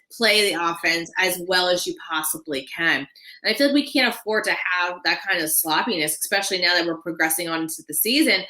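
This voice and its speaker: A woman's voice: medium pitch, sharp tone. A woman chatting casually as a guest, talking in a loose, chatty way with plenty of "I feel like" and "like.". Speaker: guest, former cheerleader and lifelong fan. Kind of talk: casual chat.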